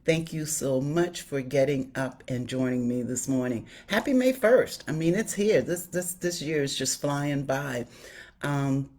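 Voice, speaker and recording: Low-voiced upbeat woman. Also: unhurried, a little mellow. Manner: chatty and upbeat, greets viewers by name. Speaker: inspirational host of a live stream. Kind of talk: casual live-stream chat greeting viewers. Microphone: phone or webcam on a live stream.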